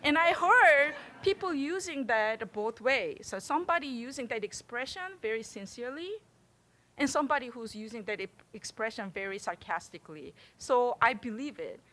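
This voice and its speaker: A middle-aged woman from Korea with a Korean accent, giving a public artist talk in an animated, chatty way and laughing often. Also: on the high side, normal speed. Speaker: visiting artist.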